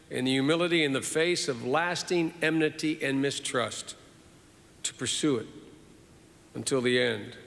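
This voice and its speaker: Older guy giving a eulogy, measured and earnest, echoey big hall. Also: a little high, fairly bright tone. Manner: measured, earnest, with repeated phrases. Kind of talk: formal eulogy. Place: large hall at a funeral service. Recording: reverberant hall.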